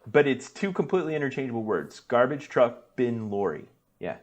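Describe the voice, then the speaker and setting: A man co-hosting a podcast in casual chat, easygoing and quick to laugh. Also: mid-range voice, expressive. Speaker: podcast co-host.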